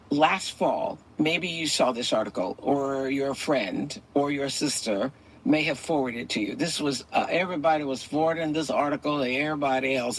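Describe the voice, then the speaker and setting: A woman's voice: sits low, husky, low-quality recording. A woman hosting a talk podcast who tells a story in a conversational way before bringing in her guest. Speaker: podcast host. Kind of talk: hosted talk show.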